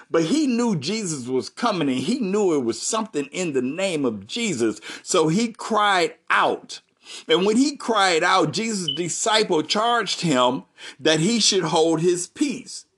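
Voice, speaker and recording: Husky-voiced man preaching a folksy sermon. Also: fairly high pitch, fairly bright tone. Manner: folksy preaching, reads scripture aloud, asks the congregation questions. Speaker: pastor.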